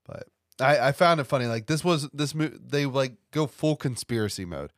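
A man talking about a movie in a loose, easygoing podcast chat. His mid-pitched voice is close and dry, with no room sound. He explains references at an unhurried pace. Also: no room sound. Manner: relaxed, explains film references. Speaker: podcast co-host. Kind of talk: casual film discussion.

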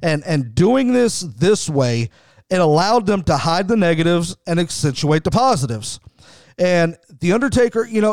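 A man's voice: sits high, a little mellow, no echo, studio quality. A middle-aged man hosting a wrestling show, giving enthusiastic, conversational commentary with frequent restarts. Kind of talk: podcast commentary.

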